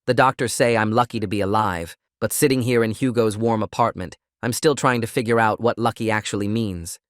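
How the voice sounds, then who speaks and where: A man narrates a first-person story in a steady, scripted reading voice. His pitch sits on the low side, and the sound is dry and close with no room echo.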